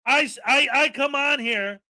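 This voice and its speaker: A man's voice: very high voice, normal speed, pushed and bright, no echo. A man hosting a daily live-stream, ranting with indignant sarcasm. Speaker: live-stream commentary host.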